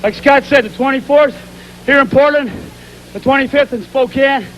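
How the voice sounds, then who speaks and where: A man's voice: extremely high pitch, moderate pace, highs cut off, a little hiss or hum. A man, a pro wrestler, cutting a boastful, threatening promo interview.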